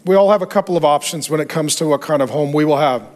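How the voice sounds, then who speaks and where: A man's voice: on the high side, fast talker. A man preaching a sermon, telling stories with energy and acting out what people said. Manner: animated storytelling, acting out quoted voices. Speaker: pastor.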